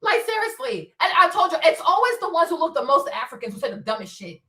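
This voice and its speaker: A woman's voice: extremely high pitch, big pitch swings, fast, bright, forceful tone, reverberant, recorded from a distance. A woman hosting her own commentary show, scolding bluntly with profanity and rhetorical questions. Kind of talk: opinionated solo commentary.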